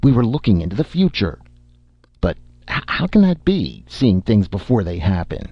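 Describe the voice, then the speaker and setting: Guy doing young scientist voice, deep gravelly, anxious and pushy, trips over words when upset. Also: very animated, normal speed, dry recording, muffled recording. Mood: excitedly explaining. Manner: urgent, stammers when upset.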